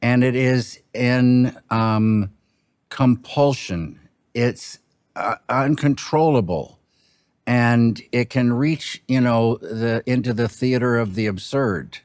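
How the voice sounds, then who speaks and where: A film director talking in an interview, thoughtful and halting, breaking off words as he muses. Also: mid-range voice, darkish tone, clear, resonant tone, no room sound, clean studio sound. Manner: slow, halting, musing, with broken-off words. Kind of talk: reflective interview talk.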